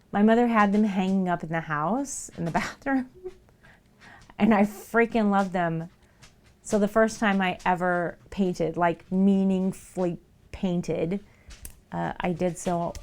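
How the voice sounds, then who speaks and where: A woman's voice: mid-range voice, vocal fry. A woman chatting casually on a live art stream from her home, rambling along with lots of "like" and "um". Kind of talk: casual chat. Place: at home with pets nearby.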